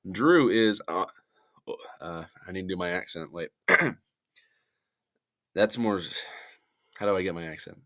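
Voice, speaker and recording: A young man talking casually to his channel in a somewhat low voice. He rambles, trails off mid-thought and laughs at his own remarks, with a chatty, loose delivery. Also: measured pace, pauses often, sharp tone. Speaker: YouTuber. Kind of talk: casual ranking commentary.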